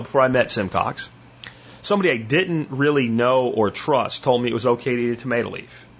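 On slightly muffled, lo-fi podcast audio, the host rambles through stories alone, restarting sentences and swearing now and then. His voice sits at medium pitch, a bit bright and husky.

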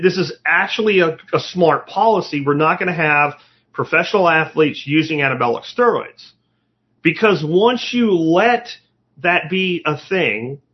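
A man talks in a blunt, emphatic way, swearing freely and pressing his point with questions. His voice sits in an ordinary middle pitch. The recording sounds a little dull and lo-fi. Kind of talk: casual monologue.

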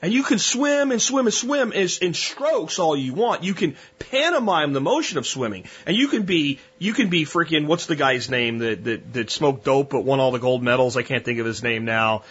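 A man's voice: a little high, animated, normal speed, hardly any pauses, a bit bright, slightly rough, dull audio. A man hosting a solo podcast, talking bluntly and at length through long, rambling analogies. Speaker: podcast host.

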